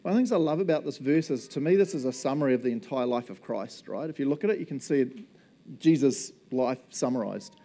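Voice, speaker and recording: A man preaching in a relaxed, conversational way, cracking jokes and laughing as he goes. His voice is mellow and warm, sitting at an ordinary middle pitch. He slips into playful little voices for the people in his stories. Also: fairly quick. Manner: chatty and jokey, laughs often, acts out little quoted voices. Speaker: pastor. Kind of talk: casual conversational sermon.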